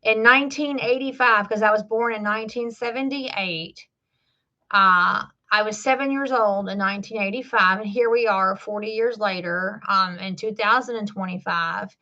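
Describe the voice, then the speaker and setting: On a muffled recording, a Southern woman in her forties hosts a casual livestream chat in a drawl. Her mid-range voice is steady and sharp, at a moderate pace, and she wanders from point to point with plenty of fillers and restarts.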